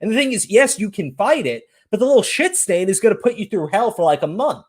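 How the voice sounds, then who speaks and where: A man's voice: high voice, sing-song, brisk, husky. A man hosting a casual commentary show, ranting profanely and breaking into incredulous outbursts. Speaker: podcast host.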